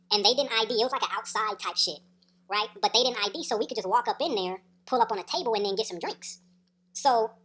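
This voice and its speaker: A woman's voice: on the high side, fairly bright tone. A woman telling a story in a casual, slangy, profane way, laughing as she goes. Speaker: storyteller vlogger.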